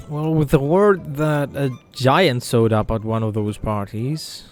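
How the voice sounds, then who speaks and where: A man running a tabletop game, narrating events at an unhurried, deliberate pace. He pauses often on fillers as he builds the scene. Quiet music plays faintly behind him. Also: medium pitch. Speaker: game master.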